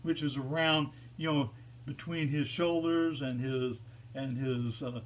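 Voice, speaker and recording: A man voicing a patient baseball manager who explains things slowly and rambles with fillers. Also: medium pitch, steady tone, slight background noise, lightly acted. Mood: explaining. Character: patient middle-aged male baseball manager.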